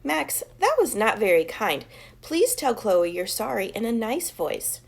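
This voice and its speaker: A woman voicing a calm, patient schoolteacher in a storybook, gentle but firm. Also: on the high side, unhurried, creaky, full character voice.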